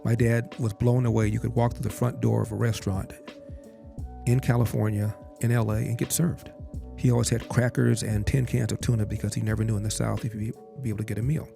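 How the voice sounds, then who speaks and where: A man's voice: on the low side, level tone, brisk, creaky. An older man recounting a family story as a podcast guest, quoting his father in direct speech. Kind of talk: storytelling in an interview. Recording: music bed behind the voice.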